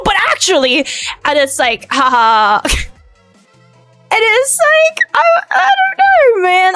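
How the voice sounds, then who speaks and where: A high-voiced young woman chats on her stream, loud, fast and very emotive. Her pitch leaps up and down as she talks. The sound is close and dry, with faint music underneath. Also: dry recording. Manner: excitable, loud and fast, lots of pitch swings. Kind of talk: casual chat stream.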